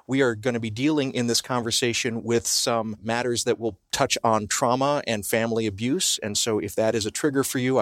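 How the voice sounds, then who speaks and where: A middle-aged man hosting a radio interview, speaking in measured, earnest, thoughtful questions into a studio microphone. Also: medium pitch, dry recording.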